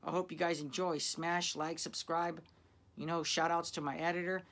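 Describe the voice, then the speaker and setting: A man's voice: a little high, little pitch movement, normal speed, fairly bright tone. A man hosting his own channel tells a crime story in loose street slang. He swears freely and keeps turning to the viewers as "guys," in a casual, confiding storytelling way.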